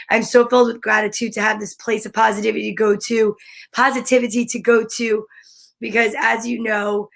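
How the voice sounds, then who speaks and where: A woman chats on a live stream in a bright, gushing way, her voice sitting a little high. She draws out her greetings slowly and sometimes drops to a soft, breathy whisper. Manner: effusive, gushing, greets viewers by name. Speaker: live-stream host and comedian. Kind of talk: upbeat live-stream chat.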